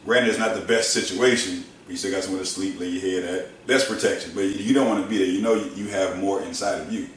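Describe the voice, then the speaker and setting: A man co-hosting a business podcast, reflecting in short, halting phrases. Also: low voice, fairly even intonation, fairly bright tone. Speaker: podcast co-host. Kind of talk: casual chat. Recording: echoey room, distant mic, faint noise.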